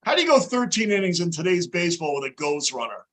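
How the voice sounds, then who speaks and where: A New man hosts a live baseball watch-along with a fairly high voice. He talks in an animated way, and he shouts when the game swings. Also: fast. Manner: animated, yells with excitement at big plays. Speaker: host.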